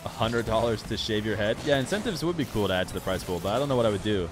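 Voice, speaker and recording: Young male streamer, lowish voice, easygoing rambling chat with viewers, game music clearly under him. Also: quick pace. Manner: relaxed, rambling, talks straight to chat. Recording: music playing clearly behind the voice.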